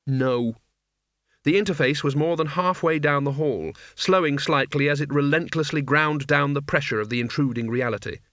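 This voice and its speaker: A man narrating a fantasy novel in a measured, expressive reading. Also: a little high, no echo, studio quality. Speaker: audiobook narrator. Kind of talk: scripted narration.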